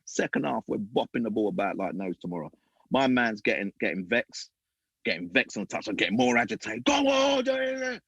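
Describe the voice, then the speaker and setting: A man, a podcast guest and former youth football coach, telling animated stories and acting out other people's voices. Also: fairly low pitch, a little fast, vocal fry, breathy edge, dry recording, lo-fi sound. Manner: acts out other people's voices, lively and emphatic. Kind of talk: animated storytelling.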